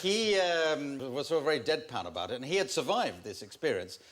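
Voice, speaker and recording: A man's voice: fairly high pitch, very animated, fairly quick, a bit bright. A man on a quiz panel telling an anecdote in a hesitant, rambling way. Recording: studio audience laughter behind.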